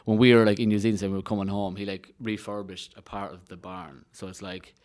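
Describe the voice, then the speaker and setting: A man's voice: lowish voice, quick pace. Irish man telling stories animatedly. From Ireland. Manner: animated storyteller, swears freely. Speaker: comedian guest. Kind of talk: casual podcast chat.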